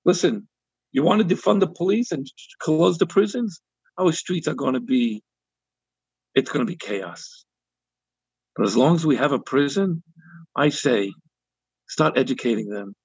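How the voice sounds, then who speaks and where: A rabbi hosts his own talk show, telling stories in a gravelly, husky voice with animated emphasis. The sound is dry and a little dull. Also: fairly high pitch, a little slow, long pauses, no room sound. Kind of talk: monologue commentary with anecdote.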